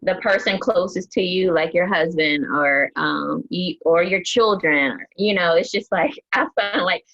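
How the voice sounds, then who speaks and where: A woman's voice: fairly low pitch, measured pace, fairly bright tone. A woman speaking candidly and reflectively in a casual group chat, laughing often. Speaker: mom and educator in panel talk. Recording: dull, husky lo-fi sound.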